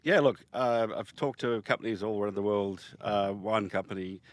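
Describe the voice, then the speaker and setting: Middle-aged male guest, low voice, dry close sound, animated and emphatic. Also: moderate pace, no echo. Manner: animated, emphatic storytelling with many restarts. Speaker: podcast guest, software founder. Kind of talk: casual interview talk.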